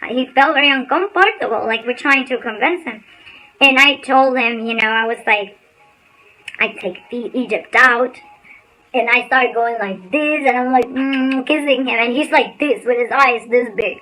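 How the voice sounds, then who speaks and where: A woman giving a casual motivational talk on a livestream, an animated storyteller who speaks bluntly and swears casually. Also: sits high, fairly quick, rough recording. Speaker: spiritual insights channel host.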